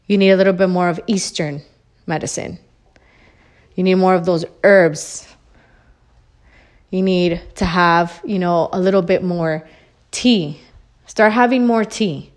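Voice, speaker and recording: A woman hosting her own podcast, ranting about wellness in a blunt, emphatic way, swearing freely and repeating her points, a little out of breath. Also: mid-range voice. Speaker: podcast host. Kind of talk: solo motivational rant.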